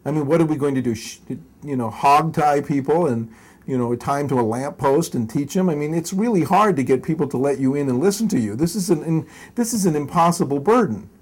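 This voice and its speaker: A man's voice: on the high side, expressive, brisk, breathy edge. An older man telling stories from his past in a long interview, rambling and correcting himself, chuckling as he goes. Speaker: interview guest.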